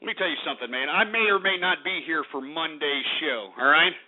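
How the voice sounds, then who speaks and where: A man hosting a talk radio show, delivering an exasperated, swearing rant with frequent shouting. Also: on the high side, brisk. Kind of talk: angry on-air rant. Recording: narrow phone-like radio audio.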